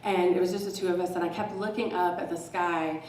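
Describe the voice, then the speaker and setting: A woman's voice: lowish voice, steady tone, a little fast, a little mellow, a little hiss or hum. A woman from Texas telling a personal story to a live audience, sarcastic and casually profane, often laughing. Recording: roomy hall, mic at a distance.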